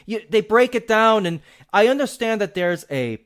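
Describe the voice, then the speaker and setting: A man hosts a podcast on his own, chatting casually about his hobby. His voice sits a bit high, and he rambles and cuts himself off, then restarts with strong opinions. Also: moderate pace, few pauses, smooth. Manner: rambling, self-interrupting, animated opinions. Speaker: podcast host. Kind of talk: casual solo podcast talk.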